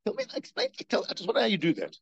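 A man giving a spoken religious lecture, animated, firing rhetorical questions and repeating himself. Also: sits high, racing, creaky, breathy edge, no room sound. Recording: dull, dry lo-fi recording.

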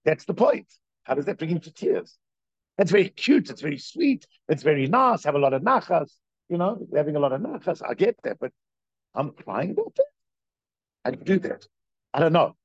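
A man's voice: fairly high pitch, very animated, moderate pace, slightly rough, no room sound. A man giving a conversational religious lecture, telling stories and putting questions straight to his listeners. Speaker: teacher of a Jewish religious class. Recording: dry, dull lo-fi recording.

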